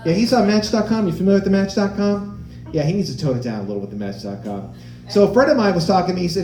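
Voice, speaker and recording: A man in his forties does stand-up in a roomy live venue, his voice sitting a little high and swinging widely in pitch as he tells his stories. The tone stays mellow and dark even when he gets animated. He jumps into the voices of the people in his stories, then drops back to the set. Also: fast talker, soft background music. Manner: animated storytelling, acting out quoted voices. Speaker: stand-up comedian. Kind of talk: stand-up comedy.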